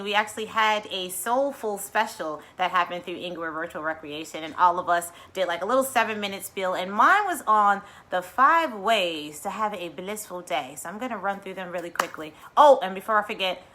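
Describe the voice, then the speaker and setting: Excitable woman chatting on a mindfulness livestream, bright forward voice, talks right to viewers. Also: medium pitch, moderate pace, hardly any pauses. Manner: bubbly, excitable, addresses viewers directly. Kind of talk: casual livestream chat.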